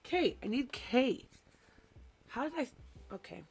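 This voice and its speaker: A young woman who teaches small children, chatting casually and telling an animated story while she does a craft on a live stream. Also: high voice, slow, creaky, slight background noise. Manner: animated storytelling, mimics voices, chatty asides. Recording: soft background music.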